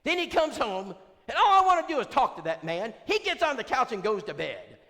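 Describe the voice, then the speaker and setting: A man voicing an eager, chatty newlywed young woman at her door, high and gushing, in a reverberant hall. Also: big pitch swings, a little fast, sharp tone, full character voice.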